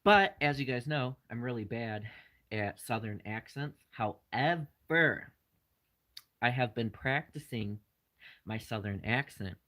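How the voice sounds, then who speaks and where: A man's voice: mid-range voice, measured pace, fairly bright tone, low-quality recording. A man hosting his channel, casually answering live chat questions in a rambling way with lots of fillers.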